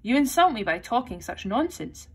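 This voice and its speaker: Woman reading as a sharp, touchy mouse. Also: fairly high pitch, very animated, normal speed, husky, pitched above the performer's own voice. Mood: sharp, cross. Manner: sharp and angry. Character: touchy indignant small male mouse.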